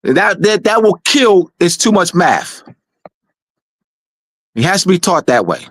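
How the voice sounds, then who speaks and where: A man's voice: sits high, big pitch swings, slow pace, a bit bright, dry recording. A man giving an emphatic lecture-style talk, hammering points home with repetition and restarts. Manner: insistent, repeats key points, frequent restarts. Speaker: presenter of a weekly talk show.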